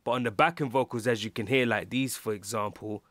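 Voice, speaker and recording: A man's voice: on the low side, steady tone, brisk, a bit bright. A man with a London English accent, a music producer talking through a casual tutorial, rambling with lots of ums and restarts. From England.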